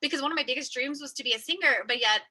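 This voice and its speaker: High bright-voiced woman host. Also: racing, low-quality recording. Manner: warmly reflective, emphatic repetition. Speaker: podcast host. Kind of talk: casual chat.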